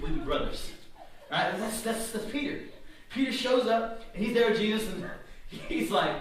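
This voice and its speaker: A male pastor preaching a sermon, telling stories with lively acted-out quotes and asides. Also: high-pitched, slight background noise. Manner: animated storytelling with voiced quotes and asides. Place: church hall. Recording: echoey hall from a distance.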